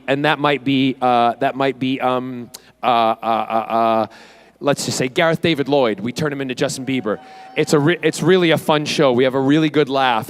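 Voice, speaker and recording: A man, answering fan questions on a convention panel in a playful, chatty way. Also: mid-range voice. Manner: playful, chatty, self-teasing. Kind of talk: casual Q&A with fans. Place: convention hall stage.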